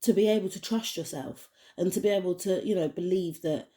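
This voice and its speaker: Mellow-voiced woman rambling through a card reading. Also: fairly low pitch, a little fast. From United Kingdom. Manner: rambling, many restarts and fillers. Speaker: tarot card reader. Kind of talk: casual spoken card reading.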